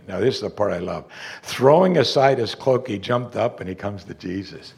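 A man preaching a sermon, moving between loud, raised emphasis and quiet, hushed lines. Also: on the low side, moderate pace, gravelly. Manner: animated, swings from loud emphasis to soft, hushed delivery.

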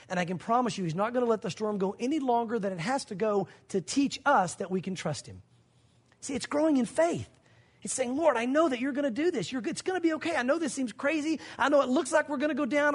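A middle-aged man preaching a sermon as a pastor, acting out scenes with sudden shouts and hushed passages. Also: high voice, husky. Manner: animated storyteller, acts out scenes in shouts and hushed tones.

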